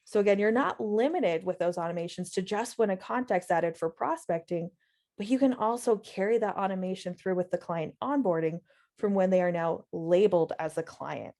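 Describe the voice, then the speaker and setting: Female webinar trainer, warm mellow tone, patient step-by-step explainer. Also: mid-range voice, moderate pace. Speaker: software trainer. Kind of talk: live webinar instruction.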